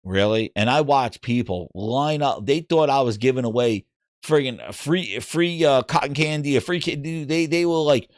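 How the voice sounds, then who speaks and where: A man hosting a gaming show, telling a story in casual livestream chat, animated and swearing. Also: mid-range voice, normal speed, no echo, clean studio sound. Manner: animated, swearing, acts out voices in anecdotes.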